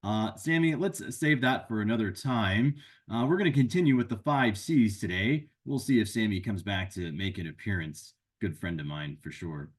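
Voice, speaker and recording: A man's voice: lowish voice, moderate pace. A man hosting an upbeat, encouraging advice talk for parents and teachers, walking through a list of tips. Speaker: educational consultant and host.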